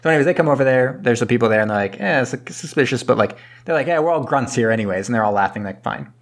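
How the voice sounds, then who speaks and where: A man's voice: mid-range voice, lively intonation, very fast. A man casually recapping a movie plot, rambling and acting out characters' lines with the odd swear. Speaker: podcast co-host.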